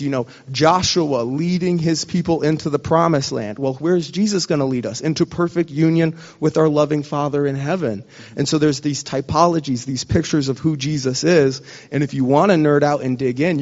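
Guy preaching all fired up, kinda choked up, muffled lo-fi audio, bit high voice. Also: a little mellow, long reverb tail. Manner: passionate, emotional, trying not to cry. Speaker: pastor. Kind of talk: sermon.

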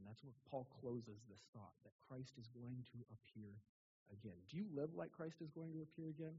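A young adult male pastor giving a casual, animated sermon in a church, asking the congregation rhetorical questions. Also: mid-range voice, slightly rough, highs cut off. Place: church sanctuary.

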